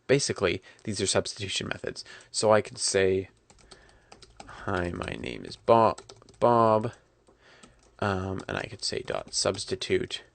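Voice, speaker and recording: A man talking through a coding tutorial at his computer, relaxed and correcting himself as he types. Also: sits low, vocal fry, no echo. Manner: relaxed, self-correcting, talks while typing. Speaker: programming instructor.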